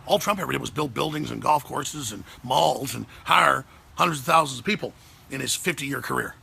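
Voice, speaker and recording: A man hosting a talk show, delivering a heated, sarcastic political rant with big swings in pitch and pace. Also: fairly quick, vocal fry, pushed and bright, slightly rough.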